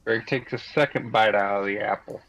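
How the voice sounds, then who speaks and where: A man's voice: fairly low pitch, normal speed, fairly bright tone, muffled recording, slight background noise. Rambling, argumentative male tabletop player. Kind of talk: casual play and banter.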